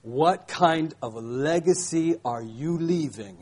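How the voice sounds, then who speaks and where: Emphatic older male preacher, high voice. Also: takes it slowly, darkish tone, husky. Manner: emphatic, repeats key phrases, asks rhetorical questions. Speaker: pastor. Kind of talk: sermon.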